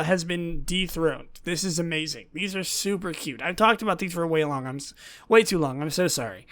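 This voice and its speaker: A woman hosting a solo podcast, chatting in a gushing, excitable way that often drops into soft whispers. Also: lowish voice. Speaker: podcast host.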